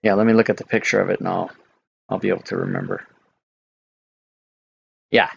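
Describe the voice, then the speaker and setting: A man running a tabletop game as dungeon master, talking casually with pauses and fillers. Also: deep voice, steady tone, vocal fry, husky, highs cut off.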